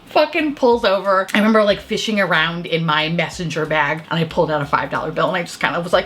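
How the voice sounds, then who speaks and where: A woman vlogger chatting while doing her makeup at home, telling an embarrassing story in an animated, self-mocking way. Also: lowish voice, a little fast, faint music behind. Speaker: beauty vlogger. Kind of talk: chatty get-ready-with-me storytelling.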